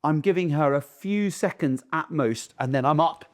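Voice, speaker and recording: Blunt, animated man. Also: on the high side, normal speed. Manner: blunt, animated, mimics owners calling dogs. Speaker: dog trainer. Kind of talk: casual talk to camera.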